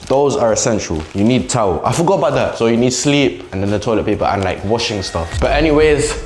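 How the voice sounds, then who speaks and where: A man's voice: medium pitch, darkish tone, a little hiss or hum. A young man vlogging casually to camera while unpacking in an empty apartment, joking and chatty. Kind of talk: casual vlog talk to camera. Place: indoors in an empty apartment room. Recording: echoey bare room.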